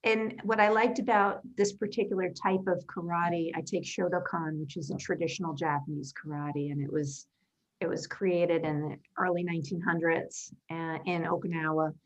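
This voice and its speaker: Thoughtful woman guest, slightly low voice. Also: flat delivery, normal speed, poor audio. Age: 50s. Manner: thoughtful, earnest, explains at length. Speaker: interview guest, designer and karate black belt. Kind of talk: conversational interview answers.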